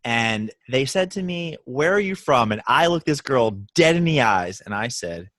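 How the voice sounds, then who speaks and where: A young man co-hosting a casual podcast, telling jokey stories. His delivery is animated and swoops widely in pitch. The recording is dry and close, with no room sound. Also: moderate pace, no room sound. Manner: animated, jokey storyteller with big pitch swings. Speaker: podcast co-host. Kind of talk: casual storytelling chat.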